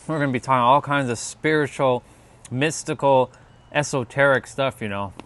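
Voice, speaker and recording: A man's voice: medium pitch, moderate pace, a bit bright. A man hosting a casual spiritual livestream, chatting loosely with viewers and rambling with many fillers.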